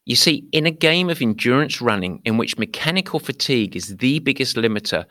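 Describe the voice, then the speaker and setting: Man as running coach and podcast host, chatty storyteller, middle-pitched, dry close mic. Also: fairly quick, dry recording. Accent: not American. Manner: lively storyteller, talks to listeners directly. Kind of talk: podcast monologue.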